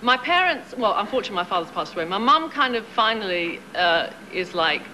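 A woman's voice: medium pitch, big pitch swings, fairly quick, bright, forceful tone. A woman with a London British accent, a guest on a talk show, chatting frankly and joking about her work and family. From England. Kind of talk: casual chat. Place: TV studio with audience. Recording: hissy dull 1990s TV broadcast.

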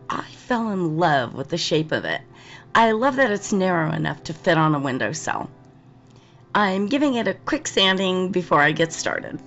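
A hoarse woman with a lingering cold gives a friendly, step-by-step craft tutorial in voice-over. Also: fairly low pitch, fairly bright tone. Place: home, filming in Las Vegas.

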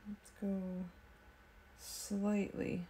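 A woman's voice: medium pitch, completely flat delivery, drawn-out words, mellow, a little hiss or hum. A woman hosting a casual craft video, chatting and thinking aloud as she works at her desk. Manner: talks with frequent ums and small laughs. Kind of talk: casual craft tutorial chat.

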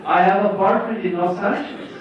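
A man doing an impression of an eccentric, intense man who speaks halting, emphatic broken English, with a raised voice, in a cinema. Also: sits high, a faint crowd, a little hiss or hum, voice pushed up, natural voice. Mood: eager. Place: cinema stage before an audience. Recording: echoey hall from far off, dull.

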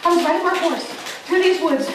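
Brief: woman playing tiny friendly elf knight, storybook, high and lively, echoey far mic. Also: brisk, slight background noise. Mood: storytelling.

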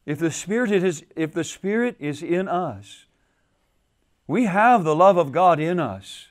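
A male pastor delivers a sermon with a fairly high voice. He repeats key phrases and lets his delivery drop to a hush before rising again for emphasis. The setting is a retreat gathering. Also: sing-song, unhurried. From United States. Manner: repeats phrases, rises and falls in pitch and volume for emphasis. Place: church at a men's retreat.

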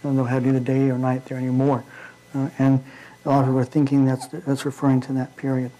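A man preaching an informal midweek sermon in a church, talking in a halting way with frequent fillers and restarts. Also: medium pitch, monotone, warm tone, rough recording.

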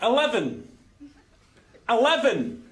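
An actor with a Scottish accent playing an exasperated man stuck in a lift, repeating himself and shouting. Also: extremely high pitch, big pitch swings, takes it slowly, exaggerated voice. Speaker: sketch character. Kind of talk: TV comedy sketch. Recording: TV audio with audience laughter and noise.

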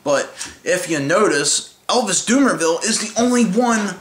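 A man's voice: high-pitched, expressive, unhurried, a bit bright. Man ranting, profane, echoey room. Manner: profane, heated, mocking. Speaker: sports fan ranting. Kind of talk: angry rant vlog. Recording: echoey room with faint noise.

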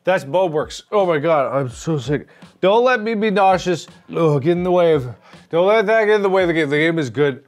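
A man in his thirties doing chaotic VR game commentary on a headset mic, swinging between loud outbursts and sick, out-of-breath muttering. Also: sits high, animated, fairly quick. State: nauseous and out of breath. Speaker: gaming video host.

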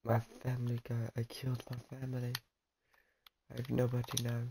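A man's voice: medium pitch, completely flat delivery, normal speed, gravelly, background noise. A man streaming a video game, joking and talking to himself as he plays. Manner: jokey, talks to himself while playing. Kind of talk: casual gameplay commentary.

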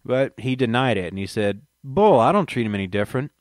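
A man's voice: mid-range voice, animated, fairly quick, no room sound, lightly acted. A blunt, folksy older man with a Texas drawl recounts old family troubles, as a male reader puts him on. The voice sits in an ordinary middle register and sounds close and dry.

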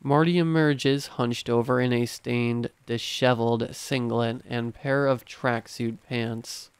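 Brief: male narrator for scripted horror reading, steady delivery, dry close sound. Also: mid-range voice, takes it slowly, smooth, no echo.

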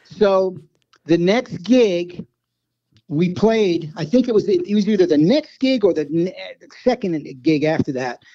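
Dark-toned man spinning road stories. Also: high voice, animated, unhurried, dull audio, slight background noise. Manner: rambling anecdotes with many restarts. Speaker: guest, former band road manager. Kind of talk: casual storytelling in conversation.

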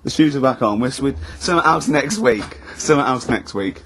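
A man's voice: mid-range voice, expressive, a little fast, fairly bright tone. A man hosting a radio show, giggly and mock-indignant in casual studio banter. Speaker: radio host.

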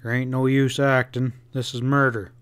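A man's voice: medium pitch, level tone, moderate pace, a bit bright, clean tone, close to an everyday voice. A man voicing a shrewd, folksy male Western sheriff in an audiobook, talking in drawled frontier slang. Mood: coaxing. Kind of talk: audiobook character reading.

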